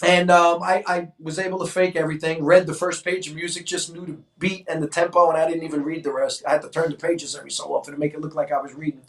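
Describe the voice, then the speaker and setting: A man in his sixties from New York, a co-host telling stories in an animated way and acting out voices in casual chat. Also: a little high, quick pace, hardly any pauses. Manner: animated, acts out quoted voices. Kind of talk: casual storytelling. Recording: echoey room, mic at a distance.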